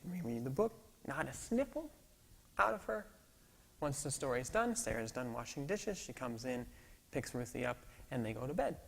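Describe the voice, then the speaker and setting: A man pastor telling stories in a sermon, lively and acting out the dialogue. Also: mid-range voice, normal speed, gravelly. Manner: storytelling, animated, acts out dialogue. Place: church sanctuary. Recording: long hall reverb in a church.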